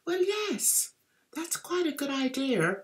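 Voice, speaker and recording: A woman imitating a female psychic who speaks in slow, hushed, soothing reassurances. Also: high-pitched, very animated, exaggerated voice.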